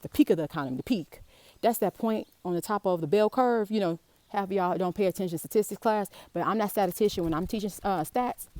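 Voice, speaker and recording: A woman's voice: on the low side, darkish tone, no room sound. A middle-aged woman professor, teaching about money in a casual, streetwise way and asking her viewers questions straight out. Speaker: college business professor. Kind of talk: informal online money lesson.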